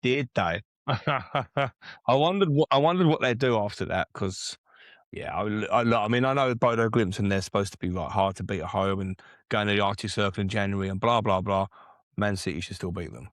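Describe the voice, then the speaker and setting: A man's voice: fairly low pitch, normal speed, no echo, studio quality. A man co-hosting a podcast, laid-back with brief replies in casual chat. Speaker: podcast co-host.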